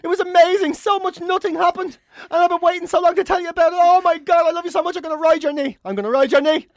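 A man's voice: very high-pitched, quick pace, no room sound, pitched above the performer's own voice. A man voicing an overexcited, adoring pet dog in a squealing, breathless gush. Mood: ecstatic.

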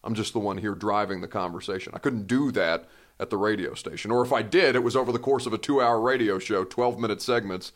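A man's voice: lowish voice, quick pace. A man hosting a podcast in a casual, chatty way, with self-deprecating rambling asides. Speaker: podcast host. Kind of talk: casual chat.

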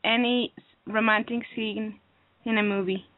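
A young woman in her twenties from Texas, calling an advice show and talking in a hesitant, halting, slightly teary way. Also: mid-range voice, steady tone, no echo. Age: 20s. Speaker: caller. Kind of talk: phone call to an advice show. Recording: tinny phone line.

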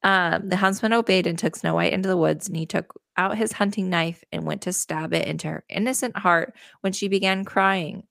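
Low, gravelly-voiced woman retelling a tale. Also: fairly even intonation, a little fast, hardly any pauses, fairly bright tone, dry recording, studio quality. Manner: sarcastic asides, swears. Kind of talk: casual storytelling with commentary.

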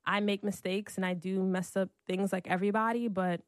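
A woman's voice: mid-range voice, fairly even intonation, brisk, no room sound. Chatty woman in her thirties, dry sound. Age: 30s. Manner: chatty, leans heavily on "like", laughs often. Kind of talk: casual heartfelt conversation.

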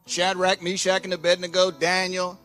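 A man preaches with fiery energy, his voice high and ringing bright. He keeps prodding the room for responses as he builds his point. Faint music plays behind him. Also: moderate pace. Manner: fiery, animated, keeps calling "Hello?" to the crowd. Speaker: preacher and co-host. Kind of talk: fiery live sermon. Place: church hall in Florida.

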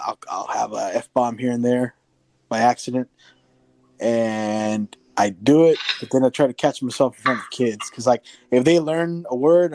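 A man's voice: medium pitch, a little mellow. A man chatting casually on a podcast, rambling with many restarts and swearing offhand. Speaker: podcast co-host.

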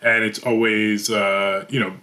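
A man with a bright, forceful voice talks on a podcast panel. He keeps things light, dropping in quick joking asides. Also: on the low side, level tone. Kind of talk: casual panel chat.

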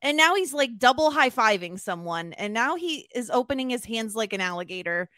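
A woman with a bright, forceful voice co-hosts a podcast and teases the others. Her pitch rises and falls a lot, and the sound is dry. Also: expressive, a little fast, dry recording. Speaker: podcast co-host. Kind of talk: casual podcast chat.

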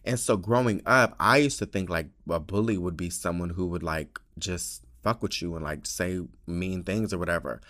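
A man hosting a podcast in casual chat, expressive and profane, with many filler "likes". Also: low-pitched, moderate pace, few pauses. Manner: expressive, profane, heavy use of "like". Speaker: podcast host.

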